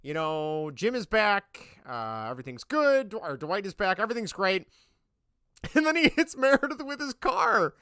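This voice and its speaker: An enthusiastic male podcast co-host with a bright, crisp voice that is smooth and clean. He repeats himself and rushes ahead in quick bursts, recorded close and dry. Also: high-pitched, big pitch swings, dry recording. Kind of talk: casual chat.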